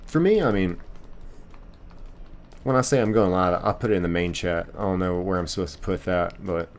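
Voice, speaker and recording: A man's voice: low-pitched, normal speed. A man streaming a game live, reading chat aloud and rambling casually with lots of fillers and restarts.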